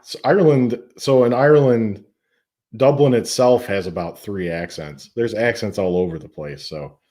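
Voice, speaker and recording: A man joins a podcast as a guest over a remote call from home. His voice sits low and sounds warm and relaxed, and he talks in an easygoing, friendly way. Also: normal speed. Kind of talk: casual podcast chat.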